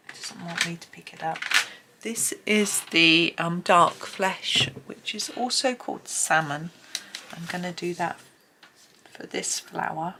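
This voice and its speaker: A woman hosting a colouring tutorial, chatting as she works and often dropping to a soft near-whisper. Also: lowish voice, vocal fry, noisy background. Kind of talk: relaxed colouring tutorial narration.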